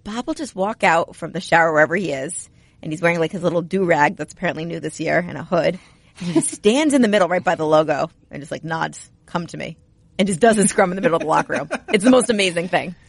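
A woman's voice: fairly low pitch, fast talker, vocal fry, no room sound. Chatty woman, dry close sound. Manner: chatty, animated storyteller. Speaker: hockey podcast co-host. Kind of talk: casual sports chat.

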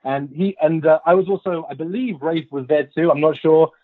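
This podcast guest from England, speaking with a West London RP accent, keeps the casual chat light with playful, self-mocking rambles. His voice is on the high side and a little fast, captured dry over a tinny, phone-like line.

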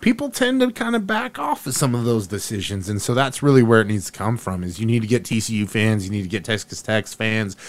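A man co-hosting a sports podcast, talking excitedly and firing off rhetorical questions. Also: lowish voice, brisk, hardly any pauses. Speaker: podcast co-host. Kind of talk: animated sports opinion chat.

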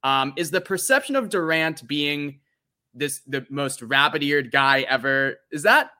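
A man's voice: a little high, measured pace, pushed and bright, smooth. A man hosting a podcast, asking rambling questions full of fillers. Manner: loose questions with many fillers. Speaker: podcast host. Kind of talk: podcast interview.

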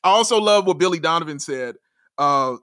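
A man co-hosting a casual sports talk show, excitable, laughing often and raising his voice when thrilled. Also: a little high, a little fast, no room sound, clean studio sound. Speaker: podcast co-host.

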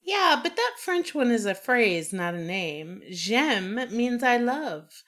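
A woman co-hosting a casual podcast chat, explaining things in an expressive, matter-of-fact way. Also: a little high, slow pace. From United States. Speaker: podcast co-host.

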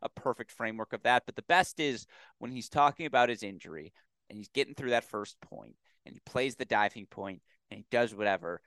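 Animated man with a lively voice. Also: mid-range voice, a little fast, dry recording. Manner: animated, acts out quotes. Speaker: podcast co-host. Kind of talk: casual chat.

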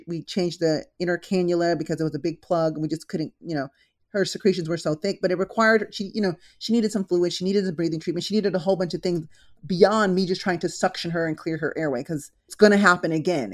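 A woman nurse hosting a casual advice podcast, telling animated stories from work and acting out what people said. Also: on the low side. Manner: animated storyteller, acts out quotes.

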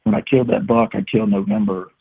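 Young man, husky, tinny phone-line sound, excited guest storyteller. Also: fairly low pitch, quick pace. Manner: excited, animated retelling with acted-out quotes. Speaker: guest telling a hunting story. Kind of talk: casual storytelling.

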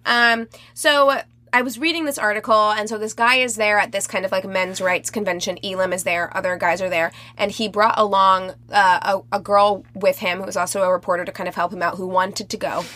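A woman's voice: mid-range voice, steady tone, a little fast, sharp tone. A woman co-hosting a podcast in casual chat, talking bluntly and swearing freely. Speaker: podcast co-host.

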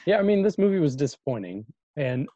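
A man's voice: a little high, very animated, fast, warm tone, dry recording. A man co-hosting a casual movie review chat, easygoing and hesitant, often trailing off. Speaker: podcast co-host. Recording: dull dry lo-fi sound.

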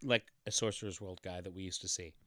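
A man's voice: sits low, steady tone, quick pace, bright, forceful tone, no echo. A man co-hosting a podcast who chats casually and stumbles over his words. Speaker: podcast co-host. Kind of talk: casual chat.

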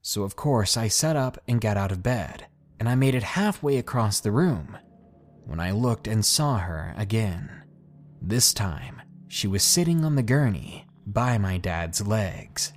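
A man hosting a podcast, narrating a scary first-person story in a hushed, suspenseful way. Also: lowish voice, animated, measured pace, slight background noise. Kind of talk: scripted horror story narration.

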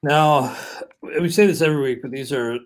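A man's voice: fairly high pitch, normal speed. A man co-hosting a casual fantasy baseball podcast, steadily leading the talk from one pick to the next. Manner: steady, leads the segment, moves between topics. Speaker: podcast co-host.

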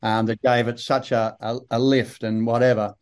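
An older man with a broad Australian accent, telling relaxed, rambling anecdotes with dry humour as an interview guest. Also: medium pitch, moderate pace, smooth. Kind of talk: casual interview storytelling.

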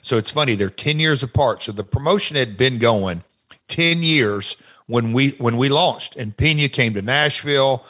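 A man's voice: medium pitch, lively intonation, normal speed, sharp tone. A man talking as a podcast guest, telling stories in a loose, rambling way. He often repeats words and restarts sentences as he goes. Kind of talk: casual interview chat.

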